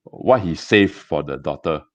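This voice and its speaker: A man with a Singaporean English accent, a gem business owner telling stories in a casual interview, chatty and halting with many restarts. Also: rumbling low, animated, a bit bright, no echo. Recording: dull dry lo-fi sound.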